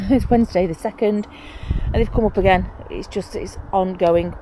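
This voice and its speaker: A woman vlogs casually from her allotment, rambling and getting excited over her plants. Her voice sits a little low for a woman. A clip-on mic picks her up outdoors over a faint background hiss. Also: moderate pace. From England. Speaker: allotment vlogger. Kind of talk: casual chat to camera.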